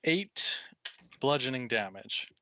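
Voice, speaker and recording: A man's voice: mid-range voice, expressive, takes it slowly, background noise. A man narrating as the game master of a tabletop game, easygoing and often laughing.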